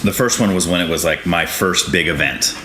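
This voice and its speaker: Podcast host, male, deep voice, animated storyteller who laughs a lot; roomy recording. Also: fairly quick. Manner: laughs often, animated when telling stories. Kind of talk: casual interview chat, storytelling. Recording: roomy with faint noise.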